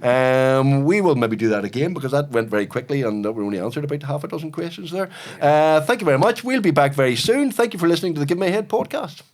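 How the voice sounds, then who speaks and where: A middle-aged man speaks at a brisk pace, with a dry, wry manner. He wraps up a podcast episode in a relaxed, casual tone. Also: fairly high pitch, slight background noise. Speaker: podcast host.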